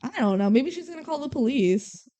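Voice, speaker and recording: A young adult woman co-hosting a podcast, retelling a movie plot in animated casual chat with swearing and acted-out quotes. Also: high-pitched, fairly quick. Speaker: podcast co-host.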